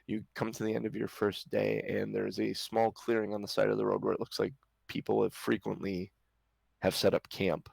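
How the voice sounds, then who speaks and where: A man's voice: fairly low pitch, monotone, moderate pace, creaky, a little mellow, no room sound, low-quality recording. A man narrating as game master for a tabletop game, hesitant with many restarts. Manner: hesitant, lots of restarts and ums.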